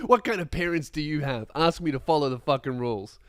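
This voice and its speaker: A young man telling a comic story as a podcast host, animated and swearing, acting out other people's voices. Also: fairly high pitch, a little fast, no echo, clean studio sound.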